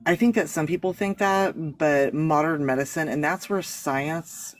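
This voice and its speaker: A man's voice: on the high side, a little slow, soft background music, poor audio. A man, a guest on a live talk show, explaining his spiritual beliefs in an earnest, rambling way with many restarts. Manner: earnest, rambling, self-correcting. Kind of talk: casual discussion.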